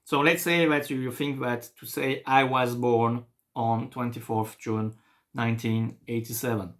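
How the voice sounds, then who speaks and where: A young man with a French accent, a native French speaker explaining a beginner French lesson in English in a lively, encouraging way. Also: medium pitch, a little slow. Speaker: French teacher.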